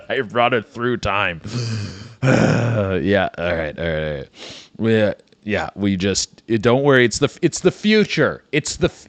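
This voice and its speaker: A man's voice: on the low side, very animated, a little slow, a bit bright, no echo. A man hosting a comedy podcast, riffing in a rambling, profane monologue and saying "dude" a lot.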